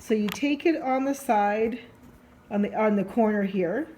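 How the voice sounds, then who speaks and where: A woman vlogger walks through a gadget setup at home, recorded on a handheld camera mic. She talks in a chatty, rambling way and often restarts her sentences to explain more clearly. Her voice sits in an ordinary middle pitch. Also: unhurried, warm tone, a little hiss or hum. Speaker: tech vlogger. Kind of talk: casual how-to unboxing demo.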